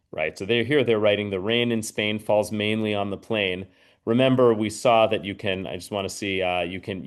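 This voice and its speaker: A man teaching a screen-share lesson, explaining each step patiently and checking in with listeners. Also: lowish voice. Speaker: mathematics teacher trainer.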